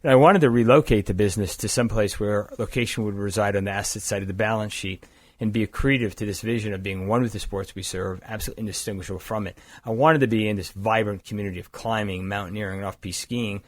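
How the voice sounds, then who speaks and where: An older man with a low voice tells his story in a relaxed, rambling way, backing up to correct himself as he goes. He sounds close to the mic in a dry, dead room. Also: fast talker, dry recording. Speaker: company founder and guest. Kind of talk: conversational storytelling interview.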